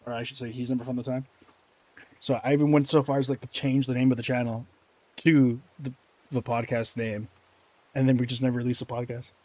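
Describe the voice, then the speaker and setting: A man's voice: mid-range voice, level tone, brisk, darkish tone. Rambling male gaming streamer. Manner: rambling, self-deprecating, reading chat. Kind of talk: casual gameplay commentary.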